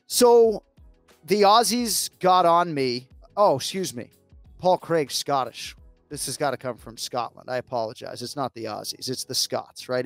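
An American man hosting a casual sports betting chat, chatty and self-mocking with quick asides. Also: mid-range voice, no room sound. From United States. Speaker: host.

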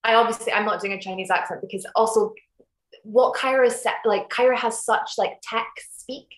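A woman's voice: on the high side, a little fast. A young woman actress chatting casually in an interview, rambling with restarts and fillers over a video call. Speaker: actress interviewed about her series. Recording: echoey room.

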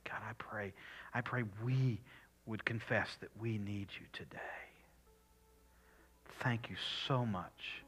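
A man pastor preaching and praying, swinging between loud appeals and soft whispered prayer. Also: lowish voice, slow, long pauses, slightly rough. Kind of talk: sermon and prayer.

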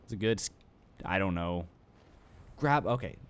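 A man's voice: low voice, lively intonation, moderate pace, smooth. A young adult man giving let's play commentary, rambling and self-mocking and talking back to the game. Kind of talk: gaming commentary.

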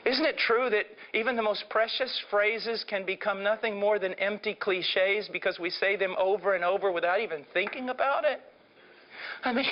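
Impassioned preacher, high voice, lo-fi. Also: male voice, moderate pace. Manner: impassioned, swinging from hushed to shouting. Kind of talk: sermon. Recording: dull lo-fi sermon recording.

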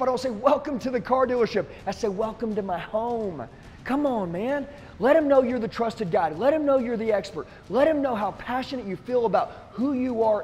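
Intense high-voiced man preaching sales. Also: a little mellow, big-room sound. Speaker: sales trainer. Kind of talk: motivational talk to camera.

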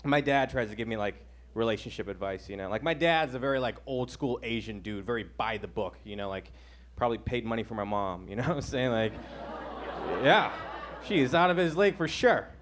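A man's voice: mid-range voice, lively intonation, a little fast, fairly bright tone, a little hiss or hum. A man in his twenties doing a stand-up set, talking casually and filling his lines with "like" and "you know.". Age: 20s. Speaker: stand-up comedian. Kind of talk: stand-up routine.

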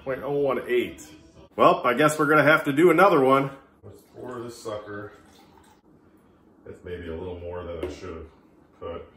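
A man films a casual drinking vlog, chatting to the camera and mocking himself as he talks to himself. His mid-range, fairly bright voice moves at normal speed with long pauses. The room is echoey, with Irish music playing behind him.

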